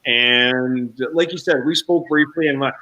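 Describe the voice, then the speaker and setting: A man's voice: medium pitch, unhurried, sharp tone, dull audio. A man who is a real estate agent, chatting in an easygoing, friendly way as a guest on a video call. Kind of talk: casual interview chat.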